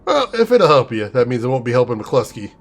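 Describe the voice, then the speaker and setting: A man voicing a casual, helpful police officer in a video game, brisk and friendly. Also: mid-range voice, very animated, faint music behind.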